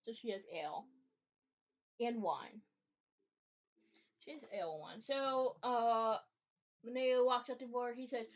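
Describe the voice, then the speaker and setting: A woman's voice: fairly high pitch, measured pace, long pauses. A woman narrating as game master of a tabletop game, casual and giggly with lots of fillers. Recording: dull lo-fi recording.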